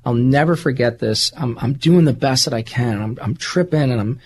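A man from the United States, interviewed as a guest, tells his life story in an earnest, rambling way, often repeating words. His mid-range voice is husky and darkish, and he speaks at normal speed in a candid, conversational manner.

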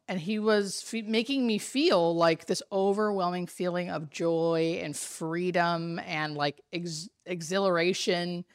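A woman's voice: lowish voice, measured pace, hardly any pauses, no echo, studio quality. Chatty woman in her thirties. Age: 30s. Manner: animated storyteller, chatty with fillers. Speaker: hospice nurse. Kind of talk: casual chat.

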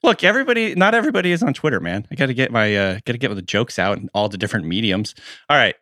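A man with a fairly low, bright and forceful voice co-hosts a casual podcast. He jokes around and then works through numbers in an analytical way. His voice sounds close and dry. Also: sing-song, dry recording. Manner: jokey, analytical, quick asides. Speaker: podcast co-host.

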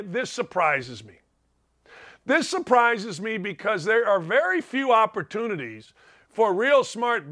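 A man's voice: sits high, bright, forceful tone. A man hosting a podcast, giving a combative, sarcastic opinion monologue. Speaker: host.

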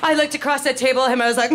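A woman from Miami doing stand-up comedy, brash and animated, swearing freely on a live stage mic. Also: high-pitched. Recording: live stage mic with loud crowd laughter.

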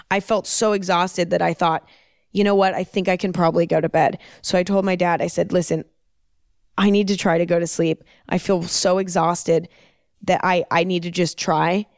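A woman's voice: mid-range voice, smooth, no room sound, studio quality. A young woman hosting a podcast, telling a personal story in a casual, emphatic way and repeating words for stress. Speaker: podcast host.

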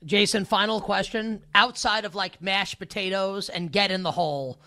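A man co-hosting a casual sports betting talk show, giggly and excitable with lots of fillers. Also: high voice, moderate pace. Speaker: podcast co-host.

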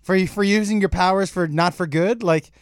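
A comedian from Massachusetts chatting on a podcast, telling stories with jokes and casual swearing. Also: male voice, sits high, moderate pace, clear, resonant tone, no echo, clean studio sound. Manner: joking storyteller, swears freely.

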